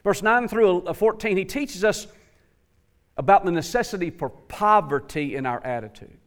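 Male preacher, high-pitched voice, impassioned sermon, addresses the congregation directly. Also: moderate pace, fairly bright tone.

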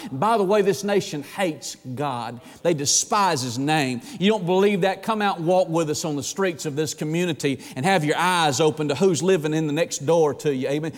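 Impassioned preacher man, echoing hall. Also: on the high side. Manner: impassioned preaching, swinging between urgent bursts and slow hushed emphasis. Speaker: pastor. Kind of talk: sermon.

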